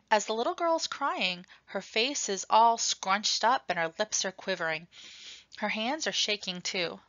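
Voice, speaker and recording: A woman reads a novel aloud, telling a first-person story with plenty of expression. Her voice is bright and forward. The recording is dull and dry, with no room sound. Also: mid-range voice, dry recording. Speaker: reader.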